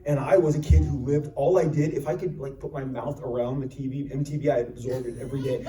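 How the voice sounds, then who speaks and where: A man's voice: mid-range voice, fast talker, few pauses, distant mic. Sarcastic man talking in an echoey hall. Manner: animated, sarcastic, jumps into voices. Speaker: panel guest. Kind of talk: convention panel storytelling. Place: large convention hall. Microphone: recorded from the audience.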